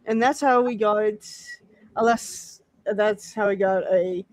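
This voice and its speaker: Podcast host, man, unhurried and halting, dry close sound. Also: high-pitched, fairly even intonation, dry recording. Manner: halting, many fillers and restarts. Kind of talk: casual chat.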